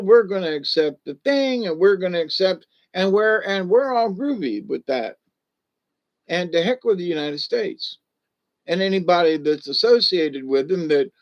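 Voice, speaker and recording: Folksy high-voiced man rambling on a stream. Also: dull audio. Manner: folksy, loose, greets chat viewers by name. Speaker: livestream host. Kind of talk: rambling casual livestream talk.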